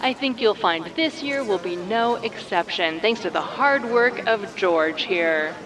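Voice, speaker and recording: A woman's voice: mid-range voice, animated, a little slow, low-quality recording. A woman voicing a genial small-town mayor, heard over a public-address system in a comedic audio drama. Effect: public-address sound. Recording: outdoor crowd noise.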